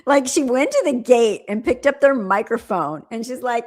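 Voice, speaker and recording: A woman host talking casually over clips she is watching on a live stream. Her voice sits a little high, and she laughs and sounds incredulous as she comments. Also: normal speed, few pauses.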